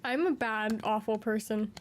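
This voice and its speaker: A woman with a high, bright-pitched voice chats casually to her stream from her room at home. She gushes and dotes, slipping into sing-song baby talk. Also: normal speed, a little hiss or hum. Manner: gushing, doting, baby-talks to her cat. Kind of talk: casual chat with viewers.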